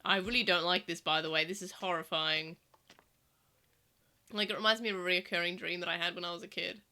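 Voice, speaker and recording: Aussie woman rambling on a game stream, lots of ums, bright voice. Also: lowish voice, steady tone, fairly quick. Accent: Australian. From Australia. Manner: rambling, with many fillers and restarts. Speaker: let's play streamer. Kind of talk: casual gameplay chat.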